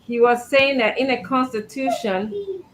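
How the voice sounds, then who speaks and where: A woman joins a political talk show from home over an online call. Her pitch rises and falls with a lot of movement as she talks, and faint household sounds and pets are heard behind her. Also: big pitch swings, a little slow. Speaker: guest commentator. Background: household noise, child and pets.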